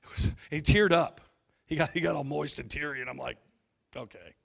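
A pastor preaching a sermon, telling funny stories bluntly and acting out the voices of the people in them. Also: male voice, a little high, fairly even intonation, brisk, vocal fry, a bit bright. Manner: humorous storytelling, acting out quoted voices; blunt and folksy.

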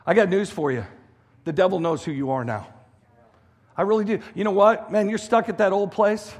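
A man's voice: high-pitched, normal speed. A middle-aged man preaching a sermon as a guest pastor, emphatic and repetitive with frequent restarts. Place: church hall. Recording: echoey hall reverb.

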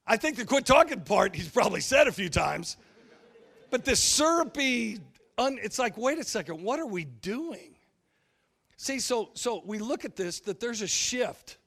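Male pastor, high pitched, blunt and folksy, jokey storytelling sermon that acts out other people's voices. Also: lively intonation, moderate pace, creaky, fairly bright tone. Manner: humorous storytelling, acting out quoted voices.

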